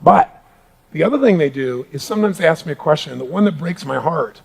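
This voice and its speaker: A middle-aged man giving a live motivational seminar talk to a large audience in a hall, booming and energetic, swinging from hushed asides to shouting. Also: quick pace, gravelly, breathy edge. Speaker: motivational speaker.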